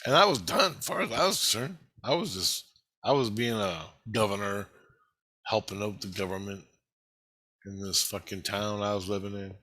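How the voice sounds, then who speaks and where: A man with a bright, forceful voice rambles through a personal video monologue. He swears constantly and gets heated as he goes. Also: on the low side, moderate pace. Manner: heavily profane, heated and rambling. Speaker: vlogger.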